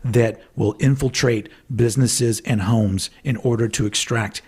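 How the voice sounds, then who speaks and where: A man with a husky, slightly breathy voice co-hosts a casual podcast. He rambles through jokey tangents and laughs often, at a middle pitch. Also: fairly even intonation, measured pace, darkish tone. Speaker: podcast co-host.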